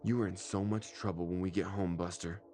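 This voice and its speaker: A man's voice: deep voice, steady tone, fairly quick, mellow, slight background noise, close to an everyday voice. A man voicing a frantic, tired young mother who is flustered and grateful, in a scripted horror story reading.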